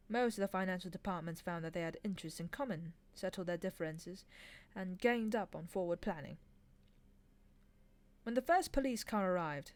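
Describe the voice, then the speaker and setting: Calm female reader, lowish voice, easygoing audiobook narration. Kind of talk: audiobook reading.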